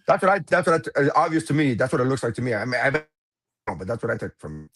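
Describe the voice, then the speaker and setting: A man's voice: medium pitch, sing-song, fast talker, a bit bright. A young man co-hosting a casual podcast chat, rambling with lots of restarts and swearing freely. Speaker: podcast co-host.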